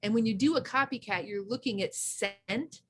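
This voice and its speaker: A woman's voice: fairly high pitch, normal speed, a bit bright, breathy edge. A woman co-hosting a casual chat, effusive and enthusiastic, often restarting her sentences. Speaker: co-host.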